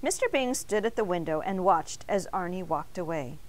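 A woman teacher reading a picture book aloud in an expressive storytelling manner. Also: on the low side, normal speed.

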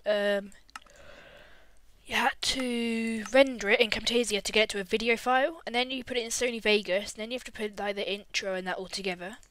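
A woman's voice: a little high, steady tone, a little fast, fairly bright tone. A woman casually commenting on her game while building, rambling and easily distracted, now and then breaking into little hums.

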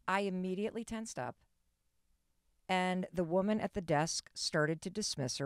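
A woman in her fifties hosts a podcast and tells a story with lively energy before pressing her guest with questions. Her voice is smooth and clear, a little lower than most women's. The recording is close and dry. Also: normal speed, no room sound. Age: 50s. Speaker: podcast host. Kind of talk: conversational interview.

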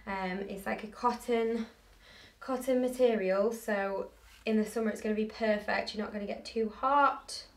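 A woman's voice: mid-range voice, fairly even intonation, moderate pace. Bubbly woman in a roomy space. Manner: chatty, bubbly, hyped up on coffee. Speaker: fashion vlogger. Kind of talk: casual try-on haul chat. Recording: roomy echo, distant mic, faint noise.

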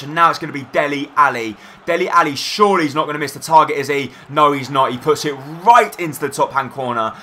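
A young man commentating his own football video game match, shouting in bursts at goals and misses. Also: mid-range voice, slight background noise. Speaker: gaming YouTuber.

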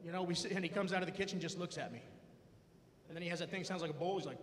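A man with a high voice works a live crowd in a stand-up set, spinning playful stories about his family and slipping into their voices. A long reverb of the hall trails his words. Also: rapid-fire, a little hiss or hum. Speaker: stand-up comedian. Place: comedy stage before a live audience.

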